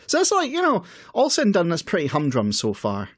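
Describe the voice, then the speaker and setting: A man's voice: high voice, wildly swooping pitch, brisk, few pauses, no echo. A man reads political text aloud on a podcast and adds wry asides. The sound is dry and close to the mic. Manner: wry, reads quotes then comments dryly. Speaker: podcast co-host. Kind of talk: casual chat, reading out manifesto.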